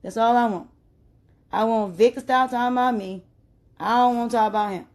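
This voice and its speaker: A woman, ranting emphatically on a live stream and growing loud and agitated. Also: a little high, a little fast. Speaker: livestreamer. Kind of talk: heated live-stream rant.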